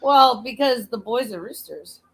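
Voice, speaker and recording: A woman's voice: a little high, animated, a little slow, fairly bright tone, slightly rough, rough recording. Chatty woman with a slight Southern accent. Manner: laughs often, chatty and teasing. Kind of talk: casual livestream chat.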